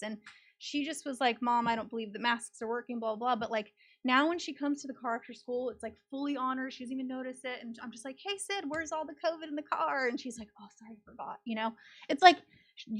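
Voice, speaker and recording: A woman's voice: a little high, a bit bright. A woman in her thirties, a worried mother giving a rambling public comment at a school board meeting, full of "like". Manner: rambling, worried, filler-heavy. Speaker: parent speaking at public comment.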